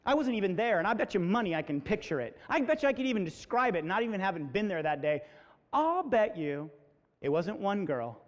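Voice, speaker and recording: Animated man storyteller in an echoey hall. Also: high-pitched, brisk. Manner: animated, acts out voices, comic. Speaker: school assembly speaker. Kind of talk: storytelling talk to students. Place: school hall.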